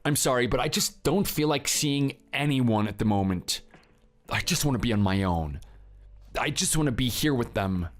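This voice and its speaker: A man's voice: medium pitch, animated, normal speed, faint music behind, natural voice. A man playing a husband in a dramatized story, curt and defensive toward his partner. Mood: cold. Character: cold, defensive young husband.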